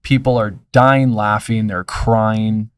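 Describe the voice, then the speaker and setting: A man's voice: on the low side, steady tone, slow, clear, resonant tone, no room sound, far from the mic. A man in his thirties, a pastor, telling stories in an earnest, reflective way in a casual conversation. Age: 30s.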